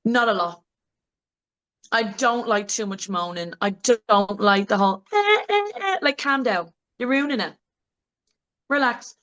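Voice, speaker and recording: A woman's voice: a bit bright, rough recording. Woman, interview guest; blunt, frank, laughs a lot, breaks into mocking impressions. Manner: blunt, laughing, mimics voices with big pitch jumps. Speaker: interview guest, adult film actress. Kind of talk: candid casual interview.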